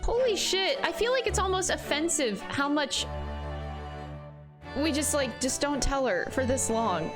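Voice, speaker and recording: Young woman streamer, very high lively voice, excitable, game music underneath. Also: a little slow. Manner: excitable, swears, loud outbursts. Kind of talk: let's play commentary.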